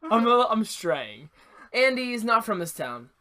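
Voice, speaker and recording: A man co-hosting a podcast, retelling a story in casual chat with an animated, rambling delivery full of restarts and asides, recorded in an attic. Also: high voice, unhurried. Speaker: podcast co-host.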